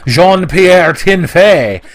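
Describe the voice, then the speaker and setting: A man's voice: expressive, very slow, heavily acted. A man voicing a burly, jolly French-Canadian lumberjack with a mock French accent, half singing. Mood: hearty. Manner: singing, booming.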